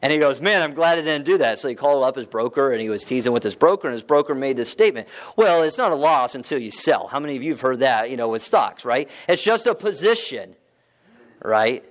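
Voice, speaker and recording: A man's voice: medium pitch, animated, fast talker. A man giving a casual, conversational talk to a live audience, often asking them questions and using fillers. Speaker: real estate investment speaker.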